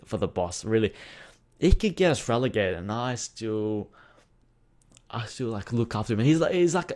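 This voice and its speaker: A man's voice: medium pitch, darkish tone. Sweary, rambling football fan vlogger, a man. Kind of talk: casual rant to camera.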